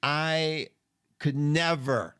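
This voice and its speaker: A man's voice: on the high side, extremely slow, fairly bright tone, clear, resonant tone, no room sound, studio quality. A middle-aged man hosting an astrology live stream from an indoor room, chatty and effusive as he greets viewers by name. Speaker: astrology show host. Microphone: studio mic.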